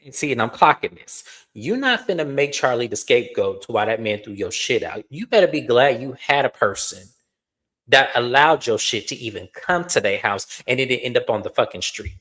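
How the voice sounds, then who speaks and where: A man hosts a reality TV recap with a middle-pitched voice. He talks in casual commentary, blunt and animated, and swears freely while addressing his audience directly as y'all. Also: moderate pace.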